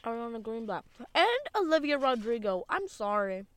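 A woman's voice: a little high, animated, normal speed, smooth. Blunt woman chatting in a car. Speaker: podcast co-host. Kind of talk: casual chat in a car. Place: parked car.

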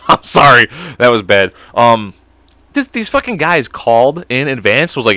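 A man's voice: mid-range voice, very animated, unhurried, sharp tone, no room sound. Rambling, profane American man hosting a podcast. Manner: profane, goofy, drifts off topic, puts on silly voices; stumbles over words while reading. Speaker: podcast host. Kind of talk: rambling comedic podcast monologue.

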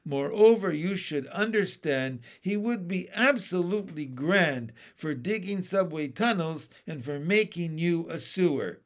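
A man's voice: a little high, animated, measured pace, few pauses. A man voicing a cheerful, friendly young boy who reciting rhymes eagerly in a storybook reading. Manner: bright and eager.

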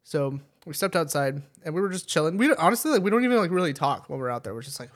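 A man's voice: fairly high pitch, sing-song, very fast. A young man co-hosting a podcast, telling a story in a rambling way with lots of fillers, swearing and laughter. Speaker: podcast co-host. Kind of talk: casual chat.

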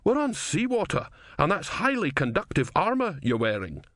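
A man's voice: fairly high pitch, wildly swooping pitch, moderate pace, fairly bright tone, no echo, clean studio sound, pitched above the performer's own voice. A man voicing a sulky, pedantic philosopher in a storybook reading.

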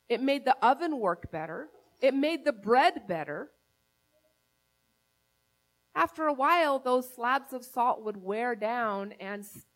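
A woman pastor delivers a sermon with a bright, high voice. She speaks in a conversational, earnest way, weaving a personal story into her preaching.

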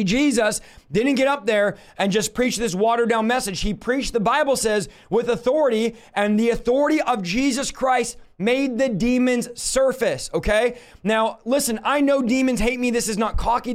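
A man with a notably high-pitched voice delivers a livestreamed teaching sermon. He preaches in a forceful, emphatic way and breaks into sudden rebukes. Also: normal speed.

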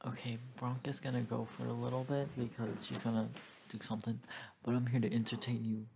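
Brief: woman podcast co-host, very deep voice, rambling casual swearing chat, faint noise behind. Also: flat delivery, fairly quick, vocal fry. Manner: rambling, swears freely, trails off.

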